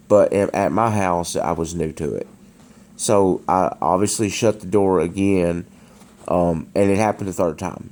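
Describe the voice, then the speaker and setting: Man, deep gravelly voice, halting casual storyteller, faint background hiss. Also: a little mellow. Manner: hesitant, many restarts and fillers. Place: dark room at home.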